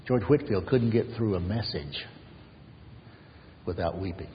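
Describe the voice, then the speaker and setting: A man preaching an earnest sermon as pastor, swinging from raised emphasis to soft near-whispers. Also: low voice, unhurried, long reverb tail, highs cut off, a little hiss or hum.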